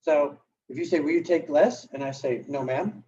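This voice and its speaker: Male real estate coach, thirties, animated conversational delivery; distant, muffled lo-fi recording. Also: a little high, moderate pace. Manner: animated, conversational, acts out client dialogue. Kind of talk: live coaching session talk. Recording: distant, dull lo-fi room recording.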